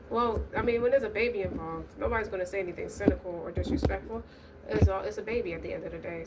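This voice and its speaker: A woman's voice: medium pitch, distant mic. Blunt, cussing woman reading tarot. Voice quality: blunt, profane, streetwise talk. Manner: rambling, frequent restarts and asides. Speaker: tarot reader. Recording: noisy recording, voice set back from mic.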